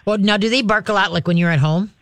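Man, radio dog trainer, folksy and homespun, fairly high voice, dry studio sound. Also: fast talker, dry recording. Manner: folksy, homespun, animated demonstrations. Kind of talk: call-in advice show.

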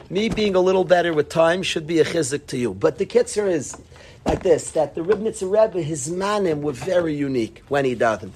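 A man's voice: fairly high pitch, darkish tone, slight background noise. A man, a yeshiva rabbi, giving a mussar talk to students, impassioned and scolding, often repeating and restarting his phrases.

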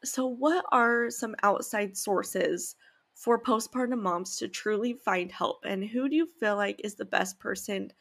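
A woman's voice: medium pitch, measured pace, gravelly. A woman in her thirties hosting a casual interview, gushing and emotional as she talks. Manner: emotional, gushing, tearful at times. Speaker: host.

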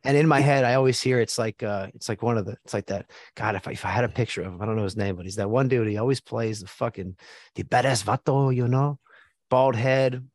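A man's voice: medium pitch, fast, dry recording. An American man hosting a casual sports chat, blunt and joking with plenty of swearing. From United States.

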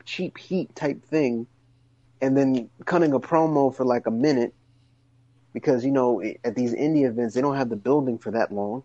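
A man's voice: moderate pace, dry recording, lo-fi sound. A man co-hosting a casual podcast, talking animatedly and rambling through long questions. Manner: animated storyteller, rises high when excited. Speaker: wrestling podcast co-host.

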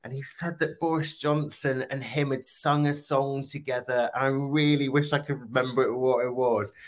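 A man's voice: medium pitch, fairly even intonation, moderate pace. Conversational man. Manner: conversational, thinking aloud with fillers. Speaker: podcast co-host. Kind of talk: casual news discussion.

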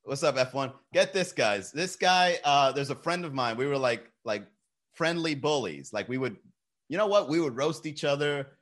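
Animated, bright-voiced young man streaming. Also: medium pitch, normal speed. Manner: loose, profane storytelling with frequent laughs. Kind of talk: casual live-stream chat.

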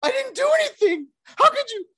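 A woman's voice: extremely high pitch, big pitch swings, brisk, a bit bright, pitched above the performer's own voice, full character voice. A woman putting on the voice of an indignant young male ballplayer, squealing in whiny disbelief.

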